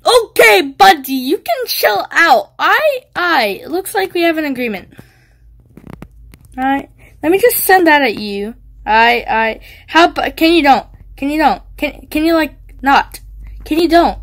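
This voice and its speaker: A woman's voice: high-pitched, fairly bright tone. A woman giving goofy, teasing gameplay commentary, yelping and squealing when she gets hit. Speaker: gaming video creator.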